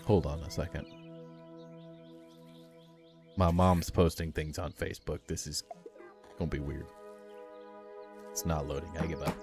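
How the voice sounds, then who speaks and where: A man's voice: rumbling low, steady tone, moderate pace, gravelly, darkish tone, soft background music. A man streaming a game live, chatting casually and joking back at his chat.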